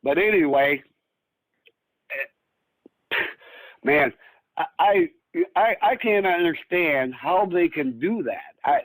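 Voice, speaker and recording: A man's voice: a little high, expressive, slow, long pauses, dry recording, rough recording. A man of about sixty from Northern Michigan, telling a long story as a guest in a rambling, casual way with many restarts. He acts out the lines of the people in his story. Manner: rambling, full of restarts, acts out quoted speech.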